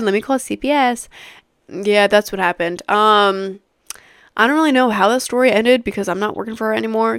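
A young woman in her twenties tells a story in an animated way, swearing freely, with lots of filler words. Her voice is smooth and crisp. The sound is dry and close, with no room echo. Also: medium pitch. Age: 20s. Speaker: podcast host. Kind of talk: casual storytelling rant.

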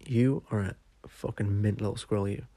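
A man's voice: lowish voice, fairly even intonation, normal speed, warm tone, dry recording, lightly acted. A man voicing a heroic male king who thanks a squirrel in casual slang. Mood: grateful. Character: grateful casual male god-king hero.

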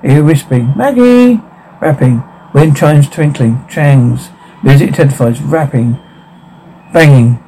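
A man reading a film's captions and dialogue aloud in a flat, halting way, with restarts. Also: mid-range voice, slight background noise, poor audio.

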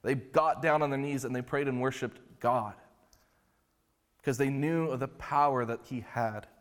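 A male pastor preaching a sermon in a relaxed, conversational storytelling way. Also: medium pitch, normal speed. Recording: long hall reverb.

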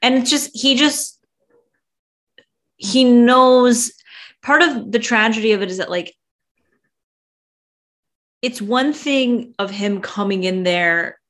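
A woman in casual conversation, speaking in a measured, thoughtful way and often agreeing. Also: a little high, a bit bright. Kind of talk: casual chat.

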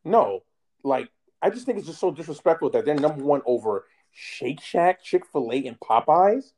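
A man's voice: fairly high pitch, animated, moderate pace, darkish tone. A man co-hosting a podcast, chatting casually with emphatic opinions and frequent laughter. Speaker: podcast co-host. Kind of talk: casual chat.

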